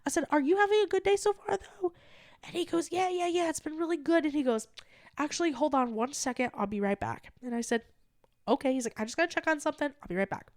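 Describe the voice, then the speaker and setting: High-voiced woman telling a lively story. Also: fast, dry recording, clean studio sound. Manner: animated, acts out quoted dialogue. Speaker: podcast co-host. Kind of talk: casual storytelling chat.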